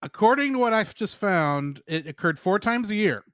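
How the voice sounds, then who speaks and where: Guy in his 30s guesting on a podcast, pretty high voice, low-key and matter-of-fact. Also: expressive, normal speed, fairly bright tone, dry recording. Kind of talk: casual chat.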